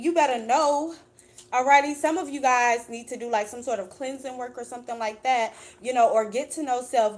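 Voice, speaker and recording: A woman's voice: on the high side, darkish tone. A woman doing a casual tarot reading for her viewers, chatty and blunt, swearing freely and calling them "baby.". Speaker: tarot reader.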